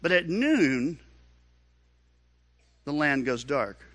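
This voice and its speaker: A pastor preaching a sermon in an earnest, questioning manner, often repeating words. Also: male voice, on the high side, big pitch swings, extremely slow, a bit bright, dry recording.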